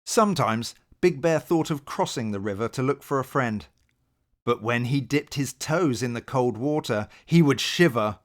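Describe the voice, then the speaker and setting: A man reading a bedtime picture book aloud as narrator, in a slow, gentle storytelling way. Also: mid-range voice, lively intonation.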